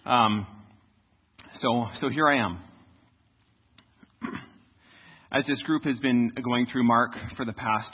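A man's voice: medium pitch, slow pace, pauses often. A man, a guest preacher, opening his sermon in a friendly, casual way. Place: church. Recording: tinny church recording.

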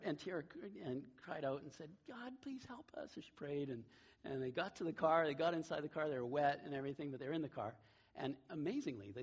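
Animated husky-voiced man preaching. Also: on the high side, highs cut off. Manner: storytelling with lively voiced asides. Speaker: pastor. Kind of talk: sermon. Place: church sanctuary.

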